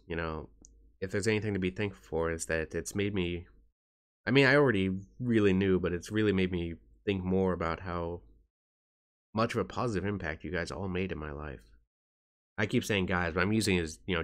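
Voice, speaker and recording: A man vlogging to his viewers in a soft, halting way, tired and in pain. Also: deep voice, fairly even intonation, clean tone. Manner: soft-spoken, halting, with frequent restarts. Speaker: YouTuber. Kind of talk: casual talk to camera.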